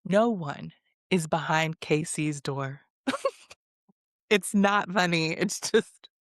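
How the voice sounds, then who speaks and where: A woman's voice: low voice, takes it slowly, dry recording, studio quality. A young woman hosting a casual, sarcastic recap vlog, chatting and laughing often. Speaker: recap host.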